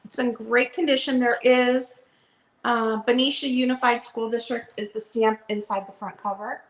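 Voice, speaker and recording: A woman's voice: on the high side, fairly even intonation, normal speed. A woman chatting casually as she shows books for a live online sale. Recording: roomy echo.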